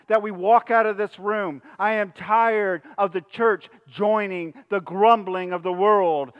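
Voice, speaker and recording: A man's voice: high voice, smooth, muffled recording. A man preaching a sermon to a congregation, passionate and rhythmic, leading them in call-and-response repetition. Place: church hall with congregation.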